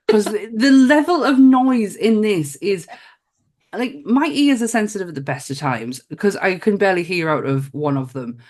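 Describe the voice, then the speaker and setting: A woman's voice: mid-range voice, a little mellow. A woman co-hosting a casual film review podcast, blunt and giggly, and she swears freely. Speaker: podcast co-host.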